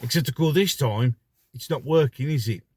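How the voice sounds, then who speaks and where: A middle-aged man delivers a mocking, ranting commentary with plenty of rhetorical questions. His voice sits at an ordinary pitch and is recorded dry and close. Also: normal speed, darkish tone, husky, no echo. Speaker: vlogger.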